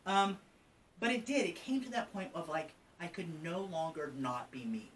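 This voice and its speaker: A man's voice: fairly high pitch, animated, normal speed, a bit bright, distant mic, poor audio. A man of almost fifty from Colorado, a trans advocate, talking openly as an interview guest, loose and chatty with lots of ums and asides. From Colorado, USA. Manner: open and conversational, many ums and asides. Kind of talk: candid personal storytelling. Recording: from slightly off mic with faint ambient noise.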